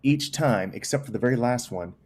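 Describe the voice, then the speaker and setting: A man's voice: medium pitch, expressive, brisk, darkish tone. A man in his forties from Texas, a guest on a podcast, telling a story and acting out other people's lines, repeating phrases for emphasis. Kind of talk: casual storytelling chat.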